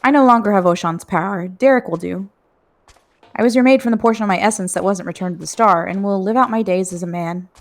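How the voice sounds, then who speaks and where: A woman reading a gentle former god. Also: high voice. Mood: earnest. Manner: earnest, measured game dialogue read aloud. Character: calm gentle male god turned mortal.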